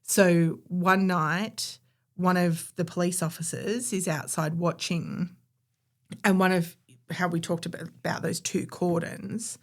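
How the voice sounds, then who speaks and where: Gravelly low-voiced woman. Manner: chatty, conversational, opinionated. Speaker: podcast co-host. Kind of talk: casual storytelling chat.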